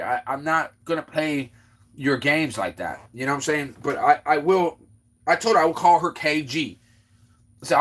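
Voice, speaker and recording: In a casual ranting monologue, a man hosting a livestream tells a long, rambling story, tripping over repeated words and quoting other people in his own voice. He tends to exclaim loudly, then let his voice trail off low.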